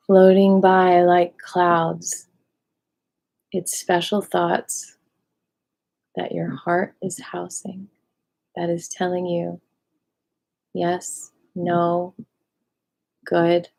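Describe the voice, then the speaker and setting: Slow, gentle woman guiding meditation. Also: on the low side, creaky. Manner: gentle, affirming, repetitive coaching. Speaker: qigong and meditation instructor. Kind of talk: guided meditation instruction.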